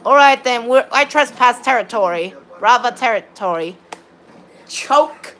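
Excitable high-voiced woman streaming games. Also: moderate pace, a little hiss or hum. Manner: excitable, rambling, chatting to viewers. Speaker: game streamer. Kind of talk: live gameplay commentary.

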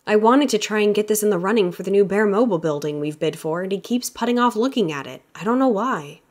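A quiet young male designer, resigned and matter-of-fact, voiced by a woman reading an audiobook. The delivery stays close to her own voice. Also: medium pitch, expressive, quick pace, natural voice.

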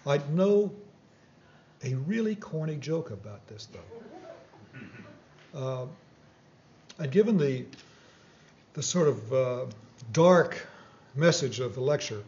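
A man giving a lecture and answering questions, speaking in a measured, hesitant way with frequent fillers, on a slightly dull recording. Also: mid-range voice, expressive, darkish tone. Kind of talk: lecture Q&A, telling a joke.

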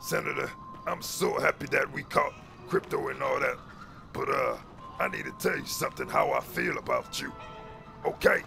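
A man's voice: medium pitch, lively intonation, normal speed, vocal fry, over music. A man playing a scheming gang leader who smugly brags about his tricks in a homemade comedy skit. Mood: sweet-talking. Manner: smug, boastful.

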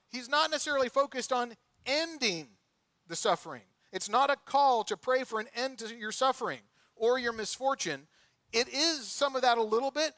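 A middle-aged male pastor preaches in a church with a notably high, bright voice. His delivery is conversational, mixing scripture with personal anecdotes. The sound is dry and close, with little room echo. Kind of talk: sermon. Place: church sanctuary.

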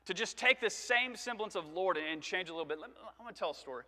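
A man's voice: sits high, expressive, fast talker, sharp tone. A male preacher giving a conversational sermon, telling stories and asking rhetorical questions. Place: church sanctuary. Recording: reverberant church sanctuary.

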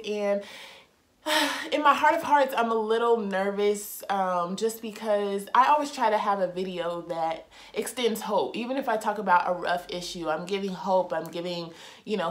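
Chatty young woman vlogging, soft music behind. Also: mid-range voice. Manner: chatty, warm-hearted, confiding, heartfelt. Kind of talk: casual faith vlog. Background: soft background music.

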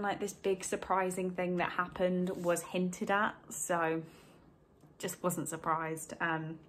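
A woman's voice: fairly low pitch, slight background noise. Young woman, chatty book vlog, rambling, apologetic, talking at home. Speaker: book vlogger. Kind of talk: casual chat to camera. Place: home, indoors.

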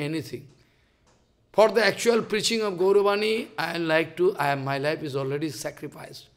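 A man with a Bengali accent giving an impassioned devotional sermon, halting and repeating phrases, acting out quoted dialogue. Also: high voice, vocal fry, fairly bright tone. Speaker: spiritual teacher.

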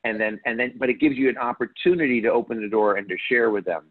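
Male host, husky mid-pitched voice, thinks aloud with many restarts, heard over a phone line. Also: fast. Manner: rambling, hesitant, many restarts. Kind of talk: casual faith talk.

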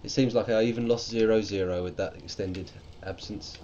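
A man's voice: fairly low pitch, steady tone, moderate pace, dark tone. A man streaming a game and chatting casually with a friend, chatty and prone to mock-exasperated outbursts. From United Kingdom. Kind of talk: casual co-op gaming chat. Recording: muffled lo-fi stream audio with clear background noise.

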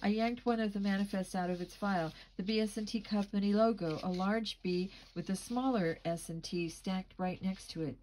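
A woman reading a mystery novel aloud in a steady first-person narration, with occasional slips and restarts. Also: medium pitch, moderate pace, few pauses, a little hiss or hum, low-quality recording. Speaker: audiobook reader. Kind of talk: storybook narration.

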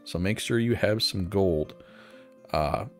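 A man's voice: deep voice, slow pace, faint music behind. A man casually walking through a video game guide, chatty and thinking aloud as he plays. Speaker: gaming guide host. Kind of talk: casual game walkthrough narration.

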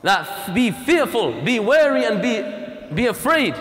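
A man's voice: very high voice, sing-song, unhurried, a bit bright, a little hiss or hum. A man giving a Friday sermon in a mosque, impassioned and emphatic, repeating key lines and mixing in Arabic phrases. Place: mosque prayer hall. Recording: long reverb of a mosque hall.

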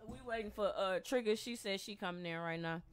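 A young woman live streaming a game, chatting casually with her squad, blunt and profane, breaking into loud laughs. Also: mid-range voice, fairly quick, smooth. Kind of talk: casual gaming stream chat. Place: at home in a gaming chair.

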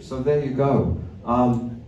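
A man's voice: mid-range voice, lively intonation, takes it slowly, dark tone, highs cut off. An older man, a musician on stage, telling rambling, wry anecdotes between songs, swearing and chuckling. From Australia. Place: arts centre concert hall. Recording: echoey venue from a distant mic.

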